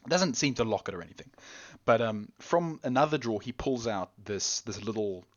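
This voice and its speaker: A man narrating a tabletop game as game master, halting and restarting often. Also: mid-range voice, lively intonation, muffled recording. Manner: halting, with many restarts and laughs.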